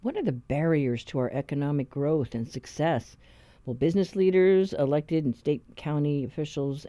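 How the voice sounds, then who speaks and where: A woman hosting public radio, measured and a little halting in chat, smooth when reading the news. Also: very deep voice, mellow, no room sound. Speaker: radio host.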